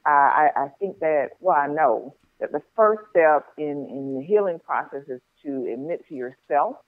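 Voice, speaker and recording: A woman guest doctor speaking by phone, measured and earnest, with hesitating "uh"s. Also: low voice, animated, no echo. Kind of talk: interview answer. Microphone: phone call. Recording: tinny phone line.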